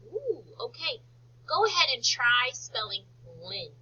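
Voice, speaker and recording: Bright, lively teacher with a breathy voice. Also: female voice, sits high, lo-fi sound. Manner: slow, drawn-out word modelling and encouraging praise. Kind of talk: phonics lesson for young children.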